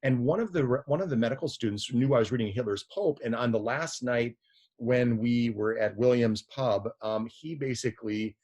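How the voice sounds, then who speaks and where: A man's voice: mid-range voice, moderate pace, a little mellow. A middle-aged man telling a story in a casual interview, rambling and often restarting his sentences. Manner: rambling, frequent restarts and repeated words. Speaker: guest, physician and editor.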